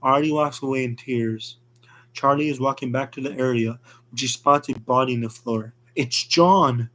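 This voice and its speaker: A man narrating a fan horror story in a plain, rushed reading with slips. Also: medium pitch, steady tone, a bit bright.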